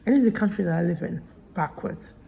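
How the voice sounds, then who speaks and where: An Italian-speaking vlogger recovering from surgery recounts a hospital episode from her hospital room, indignant and emphatic, quoting what was said. Her voice is fairly low, fast, gravelly yet mellow, captured on a rough recording with slight hiss or hum.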